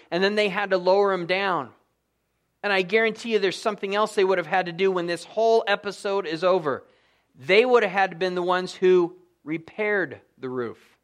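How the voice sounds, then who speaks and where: A man preaching a sermon as pastor, telling the story with animated emphasis and sudden drops to a hushed voice. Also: high-pitched.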